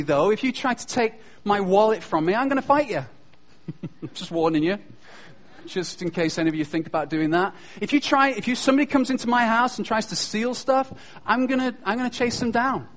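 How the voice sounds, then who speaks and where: A man with a British accent giving a humorous, self-deprecating chapel talk to school students. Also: high-pitched. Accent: British English. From Britain. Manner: joking, self-deprecating, lively storyteller.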